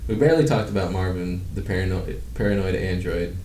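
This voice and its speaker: A man's voice: brisk, dark tone. A man co-hosting a podcast in casual chat, rambling, swearing freely and laughing at himself. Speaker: podcast co-host. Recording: roomy, distant mic with faint rumble.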